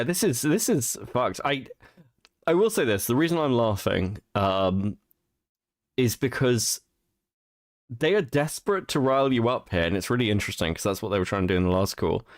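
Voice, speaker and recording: A man's voice: medium pitch, expressive, a little slow, long pauses, dry recording, clean studio sound. A tired man hosting a stream, swearing freely and laughing as he reacts to a clip. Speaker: stream host. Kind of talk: casual reaction commentary.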